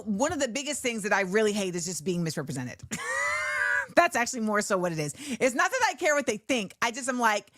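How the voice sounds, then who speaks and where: A chatty, animated woman hosts her talk show with a slightly high voice. She is recorded dry and close, with no room sound at all. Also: no echo. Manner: animated, chatty, laughs often. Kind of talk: casual solo talk show chat.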